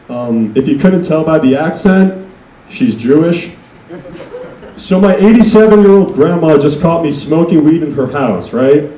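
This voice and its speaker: Slow-talking young man doing stand-up in an echoey room. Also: on the high side. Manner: deadpan, self-mocking, builds to loud punchlines. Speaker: stand-up comedian. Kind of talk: stand-up set. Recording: echoey room, mic heard from a distance.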